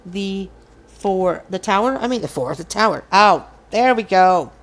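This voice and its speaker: A woman's voice: medium pitch, lively intonation, unhurried. A woman hosting a casual collective tarot reading, speaking earnestly and encouragingly to her viewers. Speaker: tarot reader.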